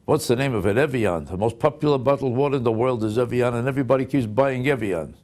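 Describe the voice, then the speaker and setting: A man's voice: medium pitch, quick pace, darkish tone. An older man, delivering an indignant comic rant full of incredulous rhetorical questions. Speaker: comedian. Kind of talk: stand-up style comic rant to camera.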